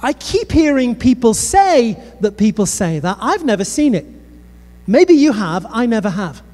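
A man's voice: extremely high pitch, a little slow, soft background music. A British man preaching a sermon, telling funny stories and speaking straight to the crowd. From Britain. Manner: lively storytelling with humor and asides to the crowd. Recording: long reverb of a large hall.

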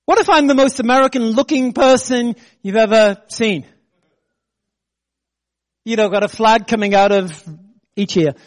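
In this sermon, a middle-aged pastor from Britain mixes fast, punchy jokes, often at his own expense and met with laughter, with slower, more weighty lines. His voice is fairly high and bright-edged, and his delivery stays animated and conversational.

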